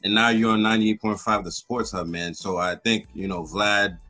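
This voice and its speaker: A man's voice: on the low side, flat delivery, normal speed, sharp tone. A man hosting a casual podcast, asking questions in an easygoing, slightly hesitant way. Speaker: podcast host.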